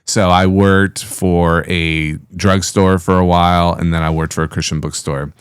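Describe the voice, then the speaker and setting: A middle-aged man, a pastor hosting a casual podcast, easygoing and quick to laugh. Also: low-pitched, level tone, clean tone, no room sound, studio quality.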